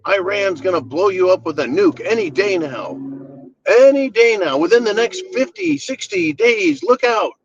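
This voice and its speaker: A man mimicking a shrill panicky leader. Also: very animated, moderate pace, creaky, exaggerated voice. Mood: mock panic. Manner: frantic, warning, mocking. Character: shrill alarmist male world leader, panicky. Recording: slightly dull lo-fi sound.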